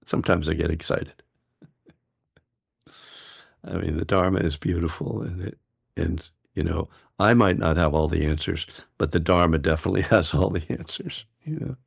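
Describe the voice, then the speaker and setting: A male meditation teacher speaks in a very low, gravelly voice, relaxed and discursive as he teaches. The recording is dry and close. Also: moderate pace, long pauses, no echo. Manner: relaxed and discursive, laughs easily. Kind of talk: dharma talk and chat.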